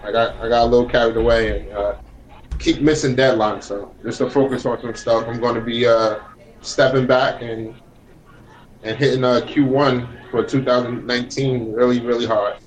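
A man's voice: medium pitch, level tone, normal speed, rough recording. Earnest, rambling male guest. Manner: earnest, rambling, self-deprecating. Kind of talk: casual chat.

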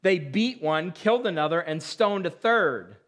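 A man's voice: high voice, expressive, unhurried, a bit bright. A man, a pastor, preaching a sermon, reading scripture aloud with rising emphasis and explaining it in plain talk.

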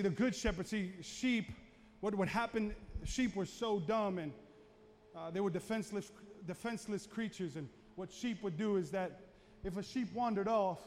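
High-voiced, animated male preacher. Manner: dramatic, animated storyteller who builds to shouting. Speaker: pastor. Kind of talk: storytelling sermon. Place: church sanctuary. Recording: echoey church hall with long reverb.

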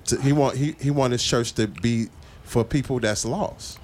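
A man's voice: mid-range voice, moderate pace, few pauses, darkish tone. A man in a casual podcast chat who hesitates and restarts his sentences when he is pressed.

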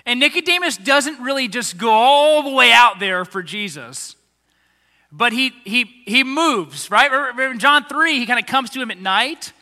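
A pastor preaching a sermon, animated and acting out the lines of people in the story he tells. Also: very high voice, normal speed. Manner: animated, acts out quoted voices of the crowds and leaders. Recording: long hall reverb.

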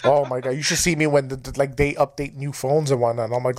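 A man's voice: mid-range voice, flat delivery, normal speed, few pauses, a little hiss or hum. A man hosting a podcast in casual chat, rambling with lots of fillers and swearing freely. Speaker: podcast host.

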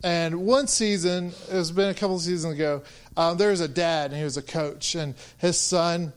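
A man's voice: sits high, clear, resonant tone. A man in his thirties giving a casual, conversational sermon full of personal stories, with restarts and light laughter.

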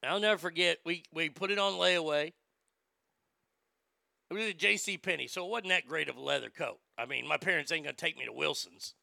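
A middle-aged man hosting a casual talk show tells wisecracking, profane stories in the style of talk radio banter. His voice is fairly high, a little fast, creaky, and sharp-toned, and the recording is dry.

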